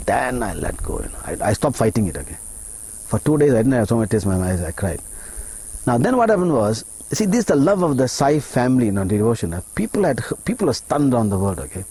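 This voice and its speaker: A middle-aged man from Malaysia, an interview guest recounting a personal story in an emotional, halting way, acting out his own thoughts. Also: medium pitch, big pitch swings, warm tone, breathy edge.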